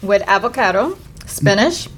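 A woman's voice: medium pitch, animated, normal speed, noisy background. A woman guest on a podcast, chatting casually and teasing. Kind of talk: casual chat.

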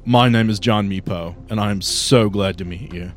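A man voicing an excitable young male vape bro who gushes in breathless bro-speak. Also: fairly low pitch, normal speed, soft background music, lightly acted. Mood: starstruck.

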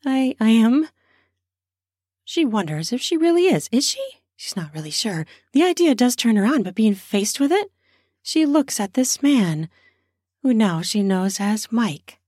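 A woman's voice: on the high side, moderate pace, no echo, studio quality. Woman improvising an erotic story. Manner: lively, spontaneous, conversational.

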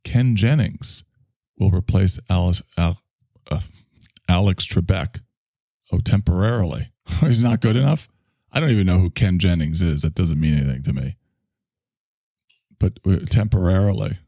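A man's voice: sits low, moderate pace, pauses often, warm tone, dry recording, clean studio sound. A man hosting a casual solo chat show, rambling with sarcastic asides and sighs. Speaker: host.

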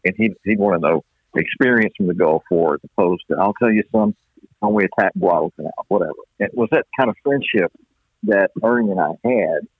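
A man from East Texas, a baseball play-by-play announcer, telling stories in a folksy, unhurried way with many restarts, heard over a phone line. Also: low-pitched, no room sound. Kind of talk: storytelling interview chat. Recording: dry tinny phone-line sound.

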